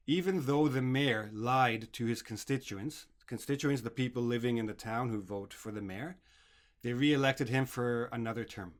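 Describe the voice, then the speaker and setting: Man, English writing teacher, grammar lesson, step-by-step explanations, frequent "okay?" checks. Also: mid-range voice.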